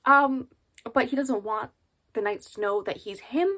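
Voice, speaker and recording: A woman's voice: on the high side, a little slow, fairly bright tone. A woman in her twenties chatting casually in a book vlog, rambling with many fillers and little laughs, recorded at home into a camera in front of her. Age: 20s. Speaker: book vlogger. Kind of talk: casual chat.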